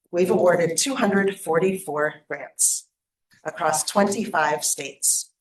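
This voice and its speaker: A woman delivers a prepared conference speech in an earnest, rallying way. Her voice sits somewhat low. The sound is roomy and a little distant, as if caught from across a hall. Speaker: nonprofit program leader giving opening remarks. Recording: echoey room, voice from a distance.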